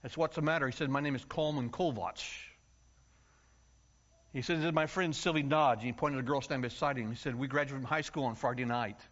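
A man from the United States preaching a story-filled sermon, acting out voices and yelling for comic effect. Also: mid-range voice, fast talker. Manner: animated, acts out voices and yells for comic effect. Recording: dull lo-fi sound.

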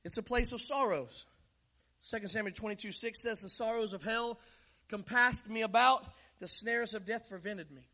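A man preaching with an unusually high voice for a man. He talks to his listeners in a loose, conversational way and slips joking stories into his sermon. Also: normal speed, sharp tone.

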